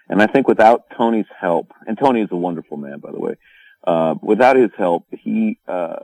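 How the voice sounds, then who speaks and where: Deep-voiced American actor, halting and wry. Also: male voice, a little mellow, no echo, low-quality recording. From California. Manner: halting, many fillers and restarts, dry humor. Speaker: actor guest. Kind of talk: casual interview answers.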